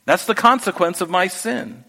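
A man's voice: high voice, normal speed, gravelly, pushed and bright. A man preaching a sermon as a pastor, earnest and conversational, with restarts and asides. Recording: long hall reverb.

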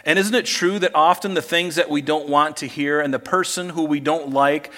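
A man's voice: fairly high pitch, steady tone, moderate pace, a bit bright. A man preaching a sermon in a conversational style, acting out scripture scenes as he retells them. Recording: reverberant hall.

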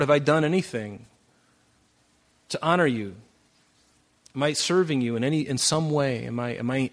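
A man preaching a sermon in a conversational way. He swings from emphatic, raised passages to soft, quiet asides. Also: medium pitch. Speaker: pastor.

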